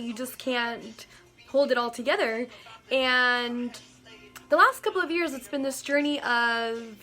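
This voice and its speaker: A woman with a slightly high voice talks in a casual, heartfelt way to her viewers. She speaks earnestly and gently, often saying "like" and "you know", with faint music playing underneath. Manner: earnest and gentle, with many likes and you-knows. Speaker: vlogger sharing personal reflections. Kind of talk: casual heartfelt monologue to camera.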